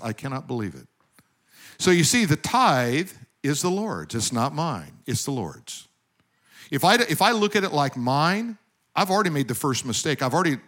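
Delivering a sermon, a slightly high-voiced male pastor tells stories, alternating between loud, emphatic moments and quiet asides.

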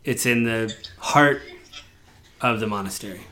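A man's voice: fairly low pitch, unhurried, sharp tone, a little hiss or hum, voice pushed down. Curious male adventurer in a plain, everyday voice, done by a game master.

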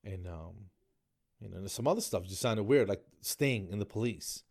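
A man's voice: on the low side, animated, normal speed, creaky, darkish tone. Laid-back middle-aged man joking around. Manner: laid-back, mocking, keeps tagging man and dude. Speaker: comedian. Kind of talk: rambling comedic monologue.

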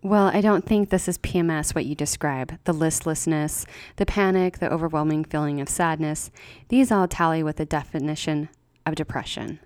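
A woman voicing a gentle, kind male family doctor who speaks softly and with sympathy. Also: low-pitched, steady tone, moderate pace, no echo, close to an everyday voice. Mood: sympathetic. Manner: soft, sympathetic and quiet.

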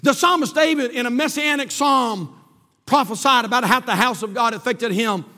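A male pastor preaching a sermon with passion, swelling and then dropping to quiet emphasis, in a church sanctuary. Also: very high-pitched, normal speed. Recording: long reverb of a church hall.

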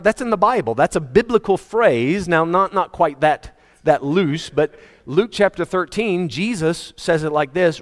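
Male pastor, slightly high voice, emphatic sermon delivery, church reverb. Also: moderate pace. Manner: animated, emphatic preaching with asides and humor. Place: church hall.

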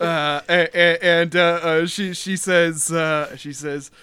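Male game master, a bit high and bright, hesitant narration full of restarts. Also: steady tone, clear, resonant tone, no echo. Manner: halting, many fillers and restarts.

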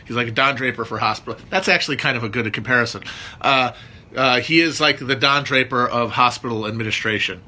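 A man's voice: mid-range voice, brisk, bright, forceful tone. A man chatting casually and rambling, with many fillers and restarts. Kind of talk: casual chat.

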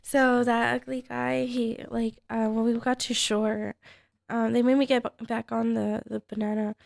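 A young woman, a fighter guest on a podcast, tells stories in a rambling, casual way full of fillers and grows excitable in the tense parts. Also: on the high side, moderate pace, vocal fry. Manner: rambling, filler-heavy, excitable when retelling scares. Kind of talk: casual storytelling chat.

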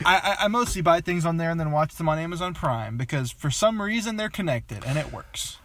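A young man co-hosting a podcast, chatting casually and stumbling over his words with quick restarts. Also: on the high side, expressive, a bit bright, no room sound. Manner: stammering, restarts. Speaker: podcast co-host. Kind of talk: casual banter.

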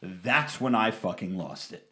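A man's voice: sits low, a little slow, background noise. A man telling a crude story in a casual podcast chat, swearing constantly and acting out what people said. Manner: profane, animated, acts out quotes.

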